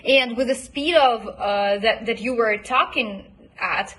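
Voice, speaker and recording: A woman coach giving recorded feedback on a student's homework, praising them and modeling words by repeating them slowly. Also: on the high side, a bit bright. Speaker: accent coach.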